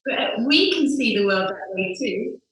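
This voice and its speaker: A woman's voice: on the high side, very animated, a little slow, fairly bright tone. Young woman in an echoey room. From Manchester, England. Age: young adult. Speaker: interview guest. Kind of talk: casual interview chat.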